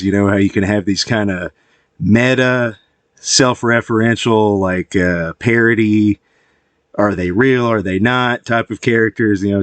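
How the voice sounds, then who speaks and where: A man giving casual, meandering commentary to his viewers, swearing often and filling pauses with "uh" and "like.". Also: fairly low pitch, no echo. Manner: profane, meandering, heavy with fillers. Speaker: YouTube commentator.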